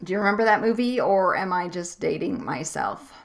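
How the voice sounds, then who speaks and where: A woman coach giving tips straight to camera in a clear, upbeat, teacherly way, slowing down and getting louder or quieter for emphasis. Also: on the low side, expressive. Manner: clear, upbeat, teacherly delivery that varies pace and loudness for emphasis. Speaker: online course coach. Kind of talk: direct-to-camera tips video.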